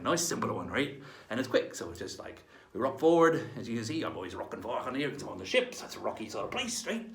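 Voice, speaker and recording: Lively gravelly man storytelling. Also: medium pitch. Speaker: children's pirate-themed presenter. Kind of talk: storytelling lesson for kids in pirate character. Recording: roomy echo.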